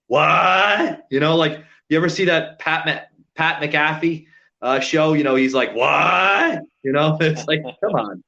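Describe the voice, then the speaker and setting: A man's voice: a little high, steady tone, normal speed, fairly bright tone. A man co-hosting a podcast over a remote call, talking in an emphatic, profane way with lots of fillers. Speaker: podcast co-host. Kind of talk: casual heated chat. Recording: dull lo-fi sound.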